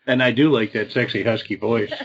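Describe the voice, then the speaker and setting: A man in his fifties, a medical advisor guest, talking in a relaxed, rambling way. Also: mid-range voice, brisk. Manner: relaxed, rambling, with many fillers. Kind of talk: casual interview chat. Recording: dull lo-fi call audio.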